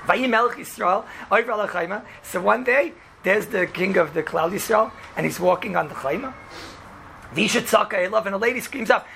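A man teaching a casual class as a rabbi, telling the story in an animated way and acting out the quoted lines, with lots of "right?" and "you know". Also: high voice, fairly quick, creaky, a little hiss or hum. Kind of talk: casual classroom Torah lesson.

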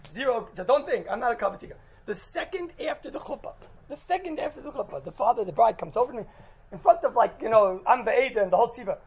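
An American rabbi with a very high voice tells a funny story to his congregation in a chatty way, often checking in with "right?" and laughing at his own jokes. The recording is low quality, with slight background noise.

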